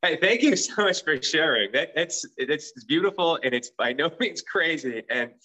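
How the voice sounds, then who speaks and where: A man's voice: a little high, lively intonation, moderate pace, sharp tone, rough recording. A man who works in anesthesia, talking in a casual conversation, earnest and enthusiastic as he explains patient care. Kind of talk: casual chat.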